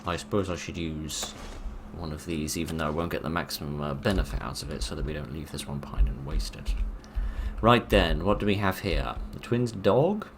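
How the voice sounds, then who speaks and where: Man, very low voice, dry sarcastic game commentary. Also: a little fast, background noise. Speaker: gaming video narrator. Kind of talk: let's play commentary.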